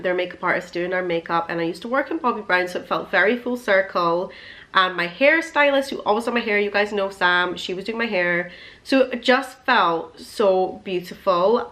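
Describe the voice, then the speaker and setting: A woman's voice: mid-range voice, a bit bright. A young woman chatting casually to camera as a vlogger, telling a long story in a gushing, emotional way with plenty of fillers.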